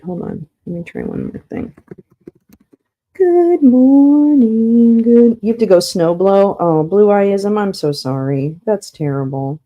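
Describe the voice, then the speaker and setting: With a dark tone and a voice on the low side, a woman hosts a casual stream, chatting to viewers and humming to herself. Hunting for something, she becomes flustered and confused and lets out some swearing.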